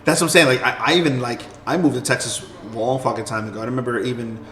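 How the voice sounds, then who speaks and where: A man from New York with a New York accent, talking loudly and swearing freely in casual chat. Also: medium pitch, fairly even intonation, a crowd in the background. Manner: loud, fast, swears freely. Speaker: community member on stream talk. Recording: echoey room, clear background noise.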